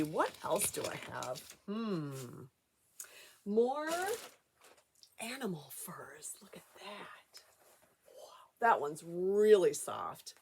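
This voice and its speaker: A middle-aged woman giving a show-and-tell lesson to young children, talking in an exaggerated sing-song way and asking them questions. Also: mid-range voice. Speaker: children's teacher.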